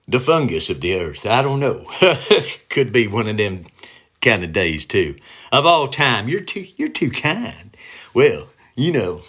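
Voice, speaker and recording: A man's voice: fairly low pitch, a bit bright. A man hosting a comedic livestream from home, rambling loosely with jokes and a drawling country persona.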